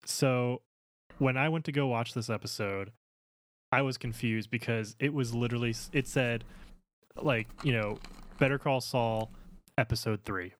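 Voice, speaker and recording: A man's voice: medium pitch, dry recording. A young man co-hosting a podcast in casual chat, wry and chatty. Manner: chatty, wry, quick to laugh. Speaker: podcast co-host.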